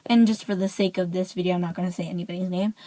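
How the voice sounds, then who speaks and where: A woman's voice: fairly low pitch, rapid-fire, noisy background. A teenage girl telling a school story in a casual rant, peppering every phrase with "like.". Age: teens. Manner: chatty, says "like" constantly, animated. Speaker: vlogger.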